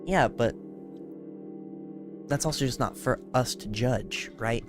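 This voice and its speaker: Man, earnest, gently cautioning, casual faith chat, mid-pitched voice, faint background music. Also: slow pace. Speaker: Christian streamer.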